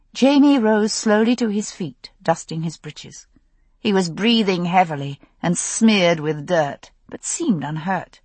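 A woman narrating a novel in the first person, with expressive, dramatic storytelling. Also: fairly low pitch, measured pace, slightly rough, no echo. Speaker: audiobook narrator.

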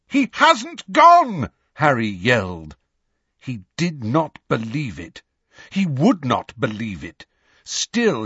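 A man reading a novel aloud as narrator, dramatic and expressive. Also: medium pitch, slightly rough, no echo, dull audio. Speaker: audiobook narrator. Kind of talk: scripted narration.

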